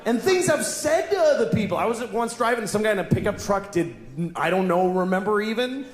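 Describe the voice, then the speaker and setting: A man doing stand-up, musing confessionally, then erupting into shouted outbursts. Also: high voice, lively intonation, a little fast, roomy sound, slight background noise. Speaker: stand-up comedian. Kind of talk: stand-up set.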